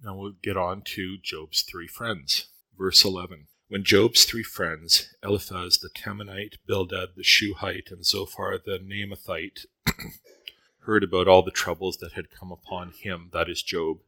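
A man with a very low voice and a strikingly bright, forceful tone delivers a conversational sermon. He walks through scripture and drops into homely personal anecdotes. The sound is dry and close, with almost no room. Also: little pitch movement, a little slow, dry recording, rough recording. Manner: conversational Bible teaching with personal stories. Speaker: preacher.

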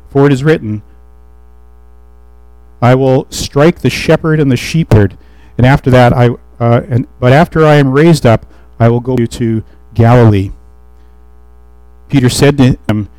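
A man delivering a sermon in a mellow, relaxed voice, reading scripture aloud and then unpacking it in an easygoing, conversational way. The sound is dry and close, with no room around it. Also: medium pitch, normal speed, no room sound, rough recording. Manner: conversational Bible teaching with restarts and fillers. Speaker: preacher.

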